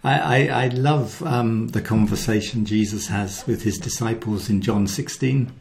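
A man giving a devotional talk, telling the story with animated acted-out quotes and dropping to a soft hushed voice for key lines. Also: lowish voice, normal speed, slight background noise. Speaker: Christian speaker.

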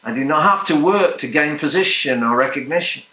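A man preaching a sermon, earnest and emphatic, sometimes dropping to soft, hushed prayer. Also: a little high, expressive, fairly quick, reverberant, poor audio.

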